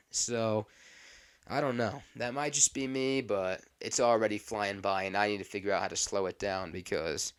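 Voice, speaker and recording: A man's voice: on the low side, a bit bright. A man hosting a podcast who tells a rambling, chatty story about his job, often checking in with the audience. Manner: rambling, chatty, frequent fillers and "okay?". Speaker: podcast host. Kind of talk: casual storytelling.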